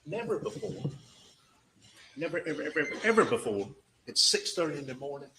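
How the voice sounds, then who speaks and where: A man's voice: fairly high pitch, very animated, fairly quick, pushed and bright, slight background noise, poor audio. A man giving a closing argument as a prosecutor in a courtroom, emphatic and full of rhetorical questions that drive home each point.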